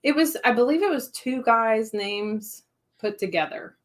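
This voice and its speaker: A woman from Northern Kentucky speaks with a Southern accent as co-host of a casual livestream. She talks in a hesitant way, with a slightly high voice. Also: animated, a little slow. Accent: Southern American.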